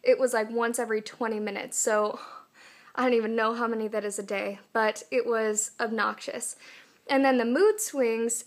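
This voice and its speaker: A woman's voice: on the high side, fairly even intonation, moderate pace. A young woman talking candidly in a casual personal vlog, chatty and full of fillers. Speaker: vlogger.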